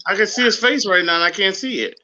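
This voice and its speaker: A man chatting casually on a livestream, easygoing and halting as he searches for words. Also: high-pitched, sharp tone, lo-fi sound. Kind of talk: casual chat.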